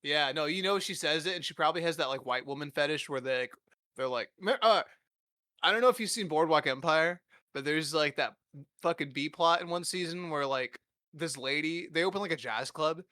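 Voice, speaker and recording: A man's voice: on the high side, a little fast, bright, forceful tone, no echo, studio quality. A young man in his twenties hosting a podcast, rambling and joking crudely in casual chat with lots of filler words. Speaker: podcast host.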